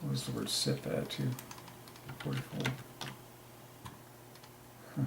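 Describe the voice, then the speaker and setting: A man's voice: mid-range voice, slow, creaky, long pauses, noisy background. A man alone at his desk, working through letter counts and muttering to himself as he goes. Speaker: channel host. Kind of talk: solo religious word-number study. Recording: echoey room.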